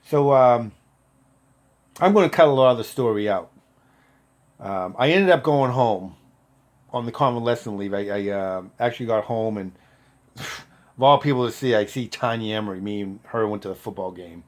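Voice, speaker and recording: A man in his fifties, a former Marine, casually telling a profane story and getting loud when he quotes people. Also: on the low side, normal speed, pauses often. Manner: profane, animated, loud when quoting others.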